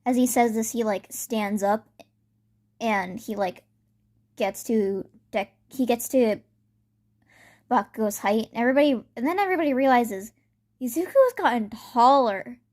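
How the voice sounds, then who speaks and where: Woman rambling through a fan story, lots of fillers, kinda high voice. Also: measured pace, pauses often, a little mellow. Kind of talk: casual story retelling.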